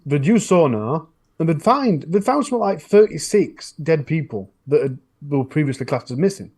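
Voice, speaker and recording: A northern English man talks in a loose, casual podcast chat. His voice sits a bit high for a man. He tells long stories with frequent false starts and restarts. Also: very animated, moderate pace, darkish tone, husky. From northern England. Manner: rambling storytelling with frequent restarts. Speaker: true crime YouTuber, podcast regular.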